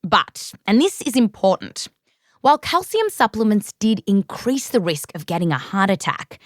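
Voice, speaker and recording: Lively Australian woman host. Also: medium pitch, moderate pace, no echo, studio quality. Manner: playful, jokey. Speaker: podcast host. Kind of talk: scripted science narration and interviewing.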